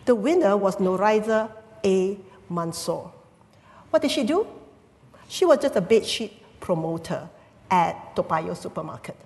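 A woman's voice: mid-range voice, animated, measured pace, a little mellow. A woman from Singapore preaching a sermon, explaining the Greek words of the text and asking the congregation rhetorical questions. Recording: long reverb of a church hall.

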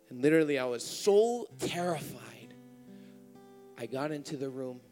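A man's voice: mid-range voice, animated, a little slow, pauses often, darkish tone, soft background music. A young man preaching a sermon at a church service, with impassioned, rising emotional appeals.

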